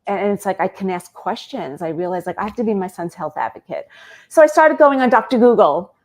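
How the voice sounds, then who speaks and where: A woman, a guest on an interview show, telling a personal story in an animated way and acting out bits of dialogue. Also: medium pitch, fairly quick.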